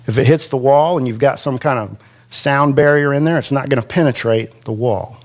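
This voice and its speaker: A man preaching a sermon as pastor in a church classroom, chatty and self-deprecating, slowing down to stretch out quoted scripture for emphasis. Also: medium pitch. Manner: slow, conversational preaching with self-deprecating asides.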